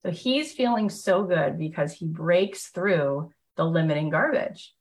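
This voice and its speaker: A middle-aged woman giving a live motivational talk, telling stories with animated enthusiasm and chatty fillers. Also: low voice, a little slow, low-quality recording. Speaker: motivational speaker and program host.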